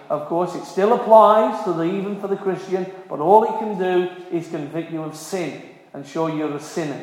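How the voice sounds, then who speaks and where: A man's voice: fairly high pitch, a little mellow. A man preaching a sermon, earnest and emphatic, repeating key phrases for stress. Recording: very echoey hall with long reverb.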